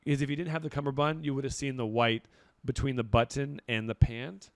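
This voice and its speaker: A man's voice: medium pitch, level tone, fairly quick, no room sound. A young man chats on a podcast in a loose, rambling way, filling gaps with "like" and "um". His voice sits mid-range, and the recording is dry and close with no room sound. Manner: laid-back, rambling with fillers. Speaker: podcast co-host and celebrity stylist. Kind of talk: casual chat.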